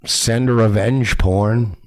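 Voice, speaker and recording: A man's voice: on the low side, fairly even intonation, drawn-out words. A man hosting a reaction commentary show, talking in a sarcastic, mocking and profane way.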